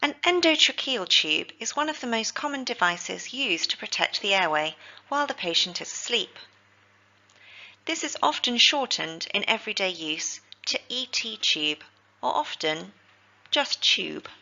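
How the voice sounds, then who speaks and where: A woman, teaching healthcare vocabulary in a scripted lesson, with slow, careful pronunciation drills. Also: mid-range voice, expressive, gravelly, pushed and bright, dull audio.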